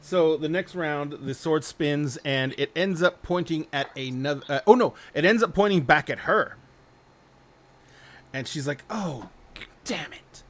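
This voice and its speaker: A man's voice: a little high, a little slow. Rambling male game master. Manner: loose, rambling storytelling with fillers and restarts. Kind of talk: narrating a tabletop role-playing game.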